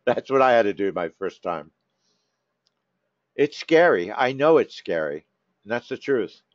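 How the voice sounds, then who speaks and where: Animated man coaching his trading room. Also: mid-range voice, measured pace, dry recording. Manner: animated, coaxing, teasing members by name. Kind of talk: live chat with trading room members. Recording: dull, dry lo-fi stream audio.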